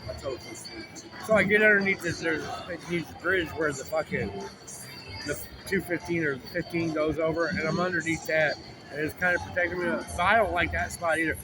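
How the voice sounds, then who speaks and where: Brief: man, slightly high voice, rambling profane storyteller, music clearly behind. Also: steady tone, fairly quick. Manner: rambling, profane, full of "like" and restarts. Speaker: vlogger.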